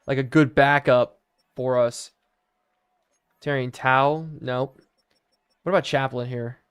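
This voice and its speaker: A man's voice: medium pitch, steady tone, slow, clear, resonant tone. Chatty young male streamer. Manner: chatty, thinking aloud and answering chat. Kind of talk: live game-stream commentary.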